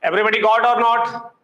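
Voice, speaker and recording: Poor, reverberant audio captures a man with a very high, slightly bright voice. He lectures a class through physics problems one step at a time, repeatedly questioning his students.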